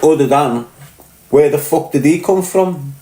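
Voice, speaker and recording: A man's voice: fairly high pitch, a little slow, warm tone, reverberant. A man with a Scouse accent talking bluntly and with swearing in a casual monologue, often asking if the listener gets what he's saying. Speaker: podcast host.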